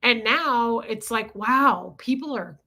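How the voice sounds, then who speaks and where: A woman's voice: on the high side, expressive, takes it slowly, sharp tone. A woman in her forties hosting a livestream, talking candidly and confessionally while greeting viewers in the chat, with casual swearing. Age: 40s. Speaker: livestream host reading chat.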